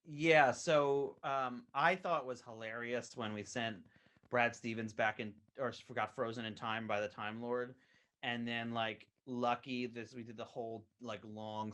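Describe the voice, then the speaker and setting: A man's voice: fairly low pitch, a bit bright. Rambling man on a podcast. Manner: rambling, many fillers and restarts. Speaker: guest, animation co-creator. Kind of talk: casual podcast chat.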